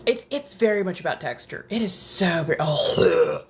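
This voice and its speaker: A woman's voice: fairly low pitch, huge pitch swings, normal speed, slight background noise. A woman streamer chatting casually, swearing and getting dramatic, sometimes dropping into whispers. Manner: profane, dramatic, drifts into whispers. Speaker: ASMR streamer. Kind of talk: casual chat. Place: apartment.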